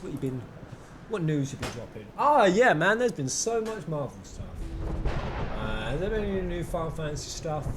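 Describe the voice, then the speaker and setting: A man streaming a game and chatting in an animated, self-mocking way. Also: mid-range voice, slight background noise. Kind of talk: casual gameplay commentary. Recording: game music behind the voice.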